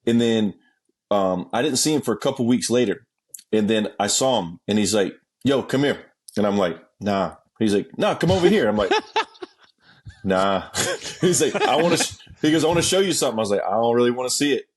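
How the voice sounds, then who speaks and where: Husky man telling a rowdy story. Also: a little fast. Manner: animated, acts out quotes with sudden pitch jumps; swears freely, laughs mid-story. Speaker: interview guest. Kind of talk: casual storytelling.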